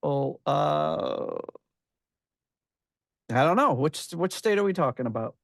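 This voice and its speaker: A man's voice: fairly high pitch, lively intonation, slow, creaky, no room sound, clean studio sound. A middle-aged American man hosting a casual podcast chat, laughing often and trailing off mid-sentence. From United States. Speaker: podcast host.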